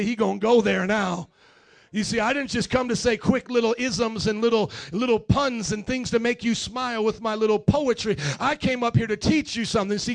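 A male preacher delivering a fervent sermon, calling on the congregation to repeat after him and swinging between shouts and hushed lines. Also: very high-pitched.

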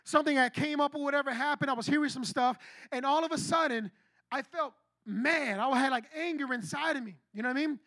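High-voiced, animated young-sounding preacher man. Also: no room sound. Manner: animated, conversational, repeats "I kid you not". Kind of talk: sermon with personal story.

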